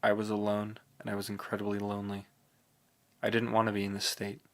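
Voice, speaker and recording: A man narrating a novel audiobook in the first person, with a steady, brooding reading. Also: fairly low pitch, brisk.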